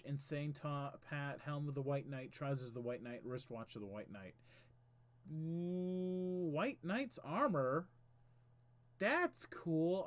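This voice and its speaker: Man hosting a game stream; high, very animated voice, chatty, reads on-screen text aloud. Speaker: streamer host.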